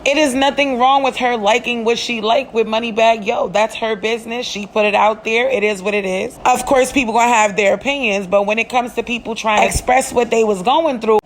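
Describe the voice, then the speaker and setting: A woman's voice: a little high, steady tone, a little fast, few pauses, slight background noise. Blunt woman vlogger giving her take. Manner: earnest, blunt, lecturing. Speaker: commentary vlogger. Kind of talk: opinion commentary vlog.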